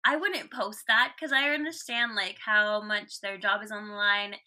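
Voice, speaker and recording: A woman guesting on a podcast chats casually and rambles, using lots of "like"s. Her mid-range voice is steady in tone, pushed and bright, at normal speed.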